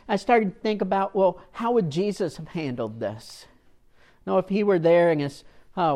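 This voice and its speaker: A man's voice: high-pitched, darkish tone. A man who volunteers in a church children's program, telling a sermon story in a conversational way with frequent restarts and tag questions.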